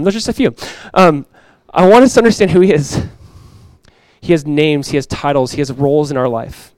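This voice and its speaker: Animated, fairly high-voiced male pastor. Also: dry recording. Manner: conversational, animated preaching with quick asides. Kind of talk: sermon.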